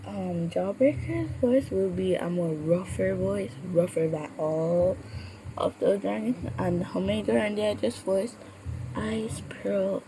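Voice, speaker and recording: A woman's voice: medium pitch, takes it slowly. A woman puppeteer chatting casually, with a sore throat from a cold and stumbling over her words. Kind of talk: casual chat. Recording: steady background noise.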